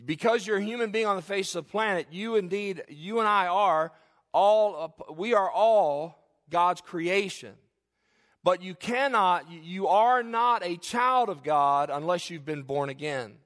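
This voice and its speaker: A man's voice: high-pitched, a little slow, fairly bright tone. A middle-aged male pastor preaching a sermon earnestly, with folksy asides and frequent restarts. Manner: folksy, joking asides to the congregation.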